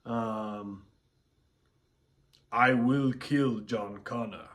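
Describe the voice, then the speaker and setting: An emotionless killer robot that speaks slow and flat, a touch lower than a normal voice, as a man puts it on. Every word lands in a heavy, mechanical monotone. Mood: menacing.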